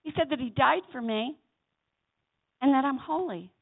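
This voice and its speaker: A woman preacher delivering a sermon in a church chapel, swinging between loud exhortation and soft asides and calling on the congregation to answer. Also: high-pitched, moderate pace, pauses often. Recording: tinny phone-like sound.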